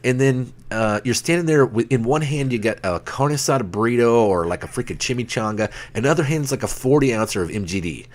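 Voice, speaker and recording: A man's voice: mid-range voice, animated, fast, few pauses. A man co-hosting a casual car talk show, rambling through stories and acting out quoted lines. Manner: rambling storyteller, acts out quoted bits. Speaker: co-host.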